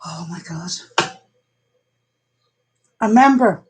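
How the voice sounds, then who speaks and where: A woman's voice: fairly low pitch, lively intonation, slow pace, a little mellow, slightly rough. An Irish woman in casual chat who chimes in with short, sympathetic reactions. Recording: noisy recording.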